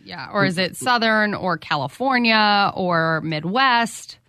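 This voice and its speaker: A woman's voice: medium pitch, animated, slow, sharp tone, dry recording, studio quality. A woman co-hosting a casual radio podcast, playful and teasing her co-host.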